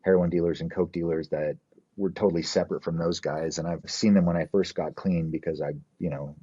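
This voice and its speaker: A man's voice: low voice, steady tone, brisk, mellow, breathy edge. A man from New Mexico, a podcast guest, telling a long story in a casual, rambling way with plenty of swearing and fillers, acting out the people he quotes. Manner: rambling, profane, fills with "like" and "you know". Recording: slightly dull, muffled podcast audio.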